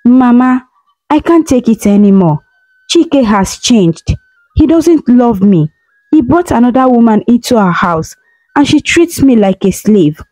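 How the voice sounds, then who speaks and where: A woman's voice: mid-range voice, moderate pace, mellow, dry recording, soft background music, natural voice, low-quality recording. A woman voicing a heartbroken young wife, speaking in a pleading, tearful way.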